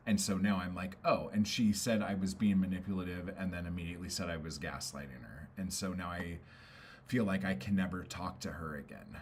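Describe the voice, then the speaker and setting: A man's voice: sits low, brisk, a little hiss or hum. A man venting on a casual livestream, frustrated and rambling, swearing often and filling gaps with "um" and "like". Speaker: poet and streamer.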